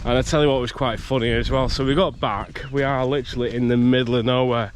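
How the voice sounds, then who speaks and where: Walking outdoors on a rural campsite by a loch, a male vlogger chats in a casual, rambling way, sounding a little stuffed up from a cold. He speaks fast at medium pitch with fairly even intonation, restarting and laughing as he goes, over slight background noise.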